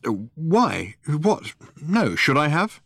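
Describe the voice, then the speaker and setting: A man voicing Arthur, a flustered young Englishman who yelps and shouts in alarm. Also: a little high, huge pitch swings, slow pace, gravelly, no echo, clean studio sound, voice pushed up, full character voice. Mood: bewildered.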